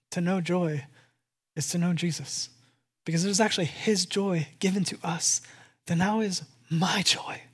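A pastor preaching a sermon to a congregation in church, animated and emphatic, repeating key phrases and swinging from loud to hushed. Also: mid-range voice.

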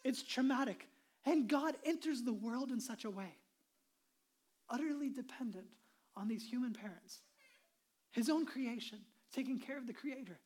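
A woman pastor preaching a sermon in an earnest way, moving between emphatic and hushed delivery and sometimes dropping to a whisper. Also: on the high side, moderate pace, pauses often.

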